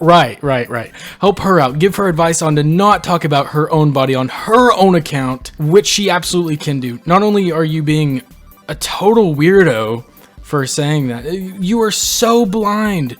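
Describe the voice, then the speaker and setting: A young man hosting a reaction video, reading posts aloud and reacting with animated disbelief. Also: fairly high pitch, normal speed, faint music behind. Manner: incredulous, animated, reads quotes aloud and reacts. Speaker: channel host reading posts. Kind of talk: reaction commentary.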